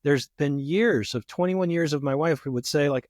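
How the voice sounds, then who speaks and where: A man speaking as a therapist guest in a casual podcast conversation, animated and acting out the arguments he quotes. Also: a little high, moderate pace, hardly any pauses, no echo, clean studio sound.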